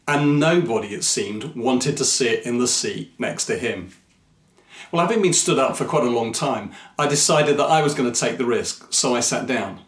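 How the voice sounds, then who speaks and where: A man, a Christian mission speaker, telling a personal story to camera in an earnest, measured, reflective way. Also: medium pitch. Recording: echoey room.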